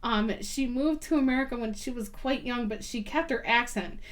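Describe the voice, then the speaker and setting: A woman's voice: on the high side, normal speed. A woman guest on a podcast, chatting casually and telling stories with lots of ums and likes, laughing easily. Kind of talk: casual chat.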